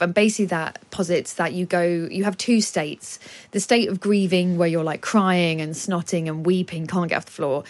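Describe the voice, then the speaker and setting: A woman, a guest author, talking at length in a radio studio with lively explanations and laughs. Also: medium pitch.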